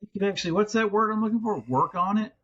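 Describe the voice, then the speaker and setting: A man's voice: high voice, quick pace, bright, forceful tone, highs cut off. A middle-aged man co-hosting a podcast in casual chat, rambling and restarting, swearing freely. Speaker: podcast co-host.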